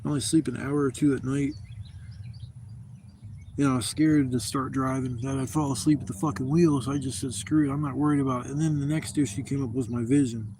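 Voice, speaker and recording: Gravelly man in his fifties, rambling outdoors. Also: mid-range voice, steady tone, fairly quick, background noise. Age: 50s. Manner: rambling, profane, candid. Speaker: camping vlogger. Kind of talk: casual storytelling to camera. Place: outdoors at a campsite.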